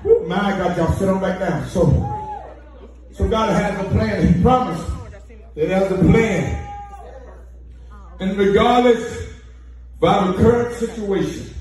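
A man's voice: high voice, measured pace, long pauses, a little mellow. A man preaching a sermon to a congregation, joking and sliding into a chanted, sing-song cadence. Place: church sanctuary. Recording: echoey church hall from far off with music.

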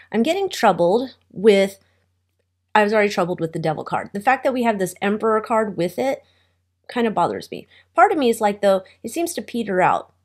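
Chatty woman doing a tarot reading. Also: mid-range voice. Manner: chatty, wry asides, trailing off mid-thought. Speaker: tarot reader.

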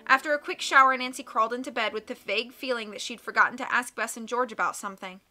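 A woman narrating an audiobook in a clear, expressive reading voice. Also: a little high, fast talker, faint music behind. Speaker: audiobook reader.

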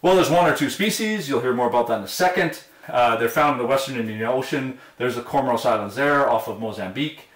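A man, a university professor, giving an online lecture and telling a story with lively enthusiasm, acting out the quoted voices. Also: medium pitch, quick pace, hardly any pauses. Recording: roomy, distant mic.

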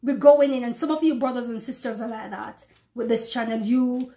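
A woman preaching prophecy to her online followers, fervent and emphatic, slowing down when she reads scripture aloud. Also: on the high side, warm tone. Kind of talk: preaching to camera.

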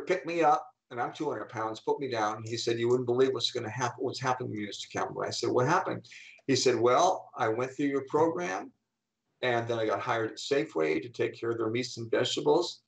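A middle-aged man with a gravelly, creaky edge to a mid-pitched voice tells stories as a guest. He talks in animated bursts, slipping into the voices of the people he quotes. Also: low-quality recording. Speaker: guest speaker and coach. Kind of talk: storytelling in an interview.

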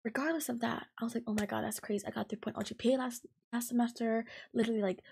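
A woman in her twenties hosting a podcast, venting heatedly and profanely about a coworker, talking fast with lots of fillers. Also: on the high side, fairly even intonation, vocal fry, a little mellow, husky. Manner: fast and emphatic. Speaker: podcast host. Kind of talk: ranting storytime podcast.

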